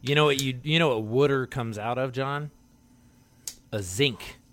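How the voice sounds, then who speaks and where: A man from the Philadelphia area co-hosting a casual movie podcast, talking excitedly with frequent laughs and rambling restarts. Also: medium pitch, brisk. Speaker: podcast co-host.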